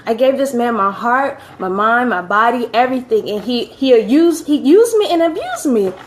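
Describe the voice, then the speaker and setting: Woman telling her own testimony, earnest, kinda high voice, keeps repeating herself for emphasis, trying not to cry. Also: animated, moderate pace, slight background noise. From California. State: holding back tears. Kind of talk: personal testimony to camera.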